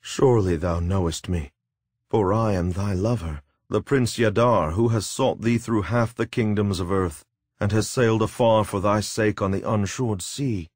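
A man's voice: on the high side, moderate pace, hardly any pauses, no echo, clean studio sound, pitched above the performer's own voice, close to an everyday voice. A man voicing an anguished young prince. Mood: impassioned. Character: anguished young male prince, desperate lover.

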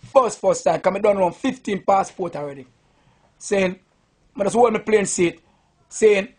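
A man's voice: high voice, breathy edge. A Jamaican man, a sound system selector, drunk and boasting in a rambling, profane rant to the camera.

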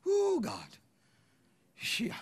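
A man preaching an emphatic sermon in church, building to shouted refrains and calling on the congregation to repeat after him. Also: very high-pitched, wildly swooping pitch, drawn-out words. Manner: emphatic preaching, rising to shouts, call-and-response. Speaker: pastor.

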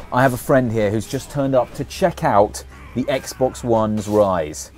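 A man's voice: medium pitch, unhurried, a little mellow. A young man giving casual, joking commentary while playing a video game with a friend. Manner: joking, bossy banter with a friend. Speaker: let's play commentator.

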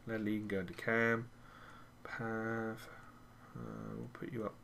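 A man with a fairly low, slow voice, some vocal fry, and a faint hiss or hum hosts a gaming channel. He commentates live on a football video game, excitably cheering and cursing at his players.

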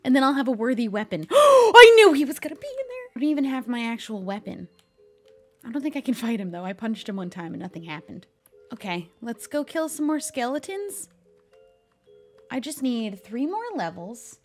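A woman streamer giving let's play commentary, excitable, often gasping and shrieking. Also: fairly high pitch, normal speed, faint music behind. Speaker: gaming streamer.

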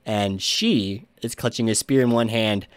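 A man narrating as game master of a tabletop game, halting with frequent "uh"s and chuckles. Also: lowish voice, smooth, no room sound.

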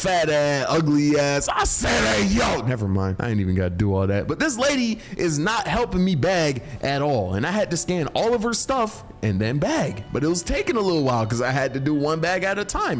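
A young man tells a funny story about his job with lively, slangy energy. His voice runs high and swings widely in pitch over faint background music. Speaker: animated storyteller. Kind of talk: comedic storytelling.

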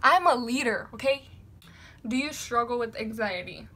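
Young woman vlogging a q&a, loud and sassy, kinda high voice, really bright and sharp. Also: lively intonation, moderate pace. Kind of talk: casual Q&A vlog.

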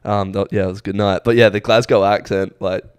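A man's voice: lowish voice, little pitch movement, fast, clean tone, no echo, clean studio sound. A young Australian man co-hosting a podcast, telling rambling stories in a laid-back, casual way with lots of fillers. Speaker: podcast co-host. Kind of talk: casual chat.

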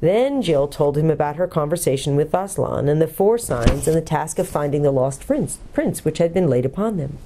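Woman pastor, children's book read-aloud, low voice, mellow tone. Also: expressive, moderate pace, hardly any pauses, slight background noise.

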